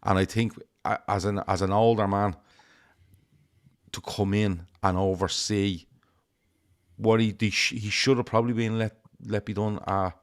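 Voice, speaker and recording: A man's voice: fairly low pitch, steady tone, normal speed. Blunt, sweary man. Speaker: fan show panelist. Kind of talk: casual chat.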